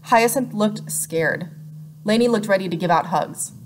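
A woman narrating a children's novel as an audiobook, in a clear, gently expressive way. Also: medium pitch, a little slow, slight background noise. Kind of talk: scripted narration.

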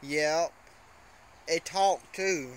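A man's voice: on the high side, extremely slow, slight background noise. A man from Mississippi with a Southern accent, chatting casually to camera in a rambling way and repeating "so anyway.". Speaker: vlogger. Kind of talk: casual vlog chat to camera.

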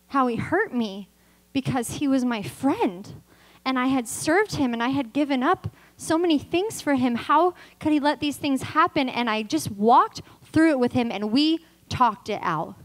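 A woman's voice: a little high, rough recording. A woman in her thirties from California, a guest preacher giving a sermon and telling her own story, acting out the dialogue as she goes. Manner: lively storyteller who acts out dialogue. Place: church service.

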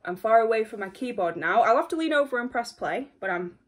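A young woman hosting a reaction video from home, excitable and gushing, constantly apologizing while faint music plays behind her. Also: on the high side, fairly quick. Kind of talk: casual reaction vlog. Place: home room at a desk. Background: faint music playing.

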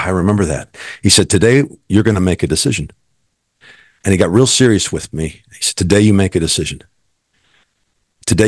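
A man's voice: deep voice, dry recording, clean studio sound. A middle-aged man, a guest, earnestly telling his personal faith story and quoting what others said.

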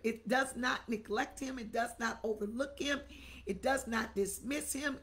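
Woman bishop preaching on a livestream, kinda high voice, super excited, keeps shouting out names. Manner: exuberant, repetitive, calls out viewers' names. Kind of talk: livestream sermon, greeting viewers.

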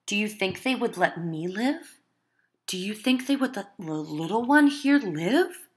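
A woman voicing Juana, a young mother who pleads hoarsely and urgently with her husband to run. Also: mid-range voice, expressive, unhurried, voice pushed up, lightly acted. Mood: urgent pleading.

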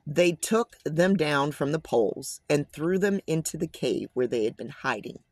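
A Bible commentator reads scripture aloud and remarks on it casually and emphatically, often calling listeners "guys" and tossing in slangy asides. His voice is on the high side with lively intonation, at a moderate pace with no echo.

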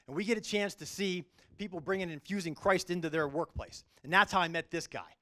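A middle-aged man, a judge, giving an earnest, animated faith-based talk to a business group, telling stories from his courtroom. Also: high voice, a little fast. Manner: storytelling, earnest, animated delivery.

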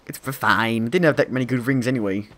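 A man commentating a game playthrough, excitable and swearing, quick to panic and laugh at himself. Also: mid-range voice. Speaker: gameplay commentator. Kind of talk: let's play commentary.

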